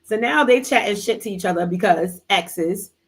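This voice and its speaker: A woman's voice: mid-range voice, moderate pace, husky. A woman hosting a live book club, retelling a story in a casual, slangy way with playful asides. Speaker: book club livestream host. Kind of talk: casual book recap chat.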